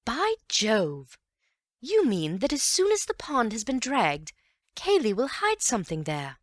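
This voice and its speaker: An excitable young man blurts out eager questions, as a woman reader puts him on. His voice sits high and lifts on every exclamation. The audiobook is read in a dry, close space. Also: measured pace, dry recording, full character voice. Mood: excited.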